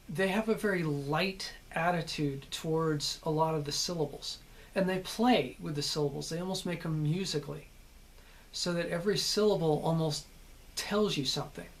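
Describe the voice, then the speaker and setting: American man giving a casual acting lesson. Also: on the high side. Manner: conversational, explanatory, checks in with "okay?". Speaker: actor teaching character work.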